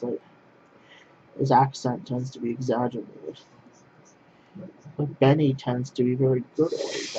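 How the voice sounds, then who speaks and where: A man's voice: medium pitch, mellow, muffled recording, a little hiss or hum. A man ranting casually to camera in a vlog, blunt and repetitive, often restarting his phrases. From Poland. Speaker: vlogger.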